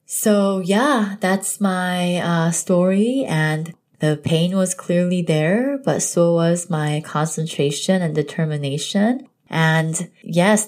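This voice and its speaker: A woman's voice: low-pitched, darkish tone. A young woman telling a personal story in an earnest, emotional way, with lots of casual fillers. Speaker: podcast host telling her birth story.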